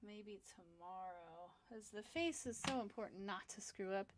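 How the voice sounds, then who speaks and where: A woman's voice: medium pitch, animated, moderate pace. A young woman artist rambling through a story in casual chat while she draws, tired and sleepy, with lots of fillers. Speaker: comic artist livestreaming a drawing session.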